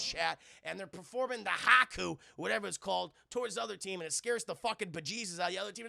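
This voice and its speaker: Young guy with a super gravelly high voice, ranting about a movie to his chat and doing silly voices. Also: fast talker, hardly any pauses, sharp tone, faint music behind. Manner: acts out characters in silly voices. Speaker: streamer reviewing a film. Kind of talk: rambling profane film recap to live chat.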